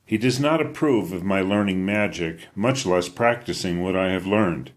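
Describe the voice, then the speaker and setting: A man reading his own book aloud in an even, first-person storytelling manner. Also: deep voice, normal speed. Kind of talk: audiobook narration.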